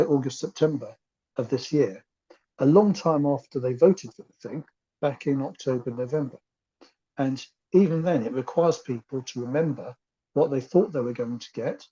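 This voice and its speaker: A man's voice: medium pitch, mellow, breathy edge, muffled recording. A man explaining a point methodically and wryly in a campaign meeting. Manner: analytical, methodical, wry. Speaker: campaign group member.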